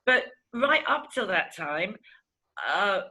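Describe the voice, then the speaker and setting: Middle-aged woman, bright forceful voice, frank emotional testimony, mimics people she quotes. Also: mid-range voice, slow pace, rough recording. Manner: candid and animated, acts out past conversations. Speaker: interviewee giving a testimonial.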